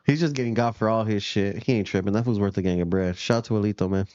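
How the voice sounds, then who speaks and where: A man's voice: fairly low pitch, fast, darkish tone, dry recording, lo-fi sound. Laid-back profane man chatting. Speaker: podcast co-host. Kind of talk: casual chat reacting to news clips.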